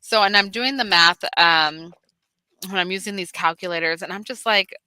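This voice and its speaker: A woman with a bright, smooth voice that sits a little low talks through her plans on a coaching call. She thinks aloud with restarts and small laughs, and the sound is dry and close. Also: moderate pace, dry recording. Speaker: real estate agent being coached.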